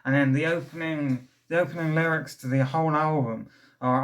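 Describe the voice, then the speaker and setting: A man's voice: fairly high pitch, fairly even intonation, brisk. Young male record reviewer, casual and rambling, eager, slightly breathless. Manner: rambling and enthusiastic, many fillers and restarts. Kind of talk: casual album review vlog.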